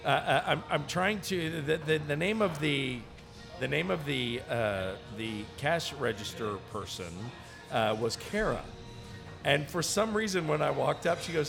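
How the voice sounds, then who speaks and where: A man's voice: a little high, expressive, a little slow, creaky. A man hosting a casual chat, telling stories playfully and slipping into mock accents, with music under the talk.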